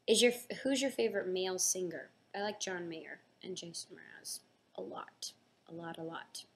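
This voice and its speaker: A woman's voice: medium pitch, a little hiss or hum. A young woman hosting a casual live fan chat, reading out questions and answering them in an upbeat, chatty way.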